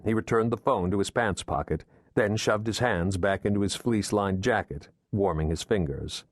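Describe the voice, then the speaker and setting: A man narrating a thriller audiobook in a measured, steady storytelling manner. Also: lowish voice, dry recording, clean studio sound.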